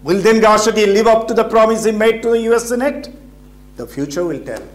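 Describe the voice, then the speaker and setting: A man's voice: sits high, brisk. A man from India delivering scripted political commentary, emphatic and posing rhetorical questions.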